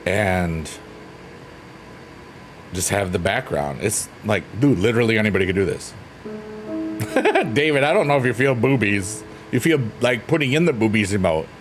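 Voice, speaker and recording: A man hosting a relaxed livestream, chatting playfully and reading out messages from his viewers. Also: lowish voice, normal speed. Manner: playful, silly, rambling, reads chat aloud. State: drained. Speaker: livestream host. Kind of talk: casual chat with live chat readers. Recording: faint piano music underneath.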